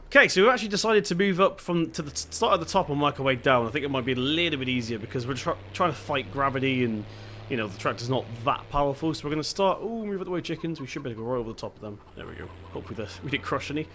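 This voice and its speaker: A man's voice: mid-range voice, racing, few pauses, a bit bright, a little hiss or hum. Chatty young man with a Devon accent. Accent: Devon English. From England (Devon). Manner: chatty, thinking aloud while playing. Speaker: gaming channel host. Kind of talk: casual gameplay commentary.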